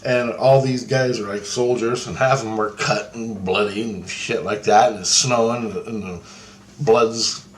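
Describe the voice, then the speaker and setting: A man's voice: fairly low pitch, steady tone, normal speed, a little hiss or hum. A man telling a rambling first-person account of a vision, profane and awestruck. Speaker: storyteller recounting a vision.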